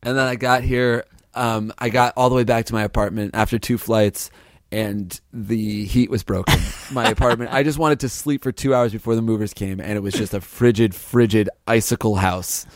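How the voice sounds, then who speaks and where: A man co-hosting a podcast, telling a story in a rambling, animated way, swearing freely and restarting his sentences. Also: fairly low pitch, normal speed, no echo, clean studio sound. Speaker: podcast co-host. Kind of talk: casual storytelling chat.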